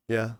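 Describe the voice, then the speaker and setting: Male streamer, unhurried and giggly, smooth dry voice, casual chat. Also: no echo. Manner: playful and giggly, reading viewer chat aloud.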